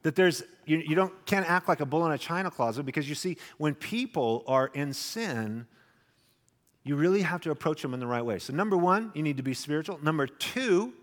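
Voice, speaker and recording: A man delivers a sermon in a voice that sits slightly high for a man. He tells personal stories with animation and slips into the voices of the people in them. The sound carries a long reverb, as in a large hall. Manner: animated storyteller, acts out voices. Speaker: pastor.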